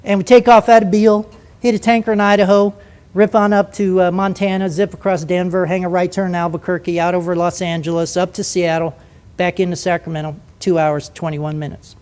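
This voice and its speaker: Older man, ex-pilot, spins a story for an audience, lively and vivid. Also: high voice, a little fast, clear, resonant tone. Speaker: former jet pilot.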